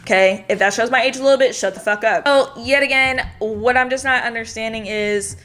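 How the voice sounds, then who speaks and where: A woman's voice: fairly high pitch, fairly quick, a bit bright. A young adult woman giving a casual commentary rant, blunt and sarcastic, swearing freely. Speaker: commentary vlogger.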